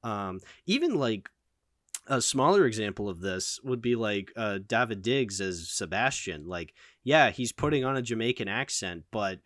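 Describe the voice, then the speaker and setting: A man's voice: lowish voice, moderate pace, no room sound, clean studio sound. A man hosting a casual film discussion, opinionated and full of fillers. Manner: animated, opinionated, lots of fillers. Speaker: channel host.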